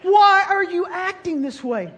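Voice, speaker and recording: A woman's voice: very high voice, expressive, measured pace, a bit bright, lo-fi sound, voice pushed up, exaggerated voice. A woman voicing a stubborn male prophet who scolds his donkey in exasperation, during a sermon. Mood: exasperated.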